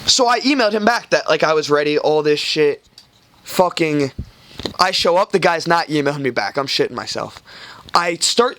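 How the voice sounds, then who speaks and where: With slight background noise, a young male podcast host tells a rambling story, swearing plenty and acting out quoted people. His voice is a little high and fairly bright, and the talk is casual storytelling chat.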